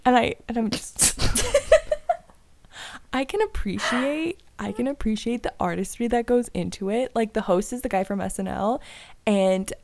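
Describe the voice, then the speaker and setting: A woman's voice: on the high side, a little slow, vocal fry, a little hiss or hum. A woman co-hosting a casual podcast chat, telling stories with lots of laughter and acted-out quotes. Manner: animated storyteller, laughs often, acts out quotes. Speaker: podcast co-host.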